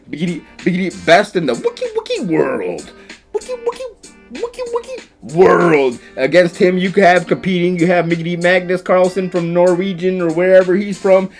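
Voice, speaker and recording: A man commentating a chess game as comedy, stuffing his lines with rhyming nonsense words and silly squeaky exclamations.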